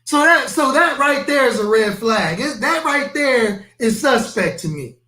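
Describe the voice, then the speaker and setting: High-pitched, bright-voiced man reacting live. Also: animated, a little slow. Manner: emphatic, skeptical, addresses viewers directly. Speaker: live-stream reaction host. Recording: echoey room.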